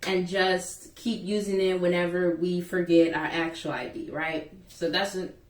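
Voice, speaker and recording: A young woman casually telling a school story to the camera, animated and chatty, acting out the people in it. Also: lowish voice, measured pace, far from the mic. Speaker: vlogger. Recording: echoey room, a bit off-mic.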